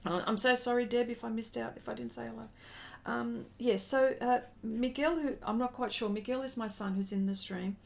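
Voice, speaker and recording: A woman's voice: on the high side, fairly even intonation, normal speed, creaky, few pauses. A woman in her forties telling a rambling story during a casual live stream as an artist and host, breaking off to greet viewers.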